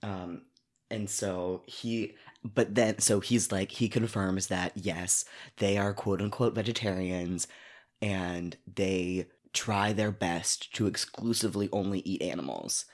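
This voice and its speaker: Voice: deep voice, takes it slowly. A co-host recapping a book in a casual chat, rambling with many fillers and sounding exasperated.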